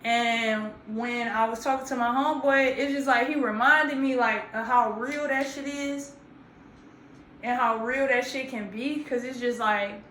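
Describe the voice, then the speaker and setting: Woman round 30 storytelling, high n bright, cussing a lot, echoey room. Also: a little slow, slight background noise. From grew up in Georgia, US South. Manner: animated, profane, slangy and emphatic. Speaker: vlogger. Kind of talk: casual storytelling to camera. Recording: roomy echo.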